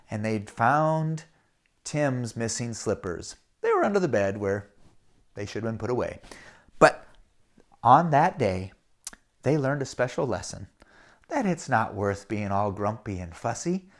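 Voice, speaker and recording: A man's voice: a little high, sing-song, a little slow. A man telling a children's story, addressing the kids directly. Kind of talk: reading a children's story aloud.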